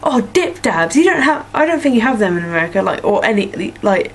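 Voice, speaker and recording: A young English woman from Norfolk speaks briskly in a sing-song, medium-pitched voice while she rambles through her followers' questions. As a vlogger in casual chat, she sprinkles in many "like" and "um" fillers. There's a little hiss or hum, and the recording is low quality.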